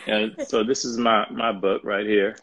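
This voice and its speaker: Low-voiced southern guy from mississippi, professor on a video call, easygoing and upbeat, repeats himself. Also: little pitch movement, a little slow, a crowd in the background, poor audio. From Jackson, Mississippi. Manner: upbeat, laid-back, repeats words. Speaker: professor and guest. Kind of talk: casual livestream conversation.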